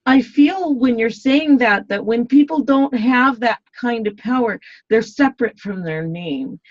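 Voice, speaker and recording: A woman's voice: fairly high pitch, a little slow, no room sound. A woman guest in an interview, talking in a rambling way with many fillers and restarts. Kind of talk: casual interview talk. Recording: dull, dry lo-fi sound.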